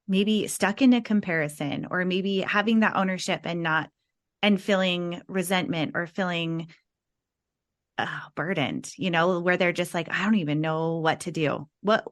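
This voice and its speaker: Woman host on a podcast, kinda low voice, friendly, questions go on a bit. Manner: friendly, asks rambling multi-part questions. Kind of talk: podcast interview.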